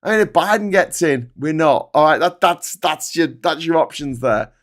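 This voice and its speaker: A middle-aged man hosting a live stream, talking in casual, animated, sweary commentary. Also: a little high, moderate pace.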